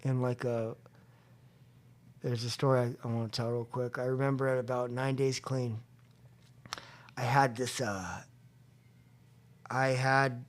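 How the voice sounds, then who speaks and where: A man recounting a personal story as a podcast guest, acting out the voices of others and going quiet when reflective. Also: a little slow, long pauses. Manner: animated, acts out quotes with rising pitch and loudness. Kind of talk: storytelling in a recovery podcast interview. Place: room at a convention.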